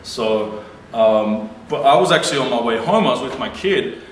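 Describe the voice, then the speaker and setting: A man's voice: mid-range voice, expressive, moderate pace. A man vlogging to camera, retelling a confrontation bluntly and with plenty of swearing. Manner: blunt, profane, heated retelling. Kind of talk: casual storytelling to camera. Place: lives abroad. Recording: roomy, distant mic with faint noise.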